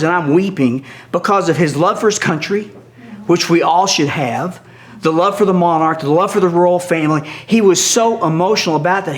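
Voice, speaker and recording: Older male storyteller, lively, laughs a lot, a touch high-pitched. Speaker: guest storyteller. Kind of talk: animated storytelling.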